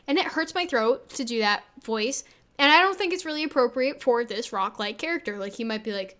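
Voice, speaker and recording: A woman with a youthful, slightly high voice reacts to her own old footage. She mocks herself freely and stumbles and restarts often. She speaks into a desk microphone on an arm. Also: lively intonation, a bit bright. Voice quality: sounds younger than her age. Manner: self-deprecating, halting, many restarts. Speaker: video creator and game developer. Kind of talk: casual reaction commentary. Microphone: Blue Yeti on an arm.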